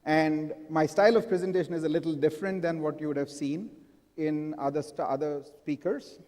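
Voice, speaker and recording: A man's voice: on the high side, steady tone, brisk, a little mellow. A man giving a live conference talk and often asking the audience questions. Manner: engaging, asks the audience frequent questions. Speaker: conference speaker. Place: large hall with a live audience. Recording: long hall reverb.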